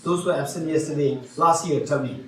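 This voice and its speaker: High-voiced man teaching in a roomy hall. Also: fairly quick. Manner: engages audience with questions, repeats phrases. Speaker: Buddhist teacher. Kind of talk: interactive dharma teaching. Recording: roomy hall sound from far off.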